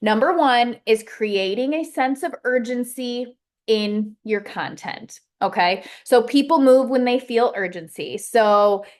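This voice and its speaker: Woman, team leader, casual coaching talk, chatty and rambling, fillers, slightly high voice. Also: slow pace. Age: adult with a child.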